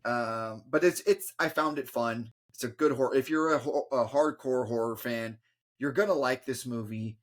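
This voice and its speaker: A man in casual review chat as a podcast co-host, with a voice of middling pitch. He speaks haltingly, stopping and restarting his sentences and padding them with fillers.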